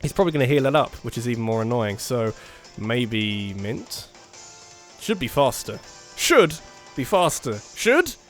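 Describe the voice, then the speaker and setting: A man talking through a game as he plays, his voice climbing high and dropping low as he swings between quiet planning and sudden excited outbursts. He laughs often and thinks out loud, with light music playing faintly behind him. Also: normal speed. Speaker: let's play gamer. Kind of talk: casual game commentary.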